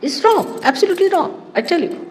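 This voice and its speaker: A woman giving a spiritual talk to her followers in an animated, teasing way, often laughing. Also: very high-pitched, fairly quick, in a large hall, slight background noise. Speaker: spiritual teacher.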